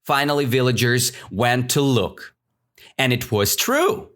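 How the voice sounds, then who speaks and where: A man's voice: mid-range voice, unhurried. A man from Russia with a Russian accent, teaching English by telling a story and checking in with "right?" after almost every phrase. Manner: animated, keeps checking in with "right?".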